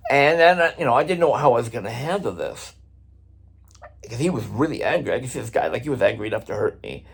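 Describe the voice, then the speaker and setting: Husky, animated middle-aged man telling a story. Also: mid-range voice, fast talker. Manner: animated, conversational, swears casually. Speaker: drummer and vlog host. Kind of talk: casual storytelling vlog.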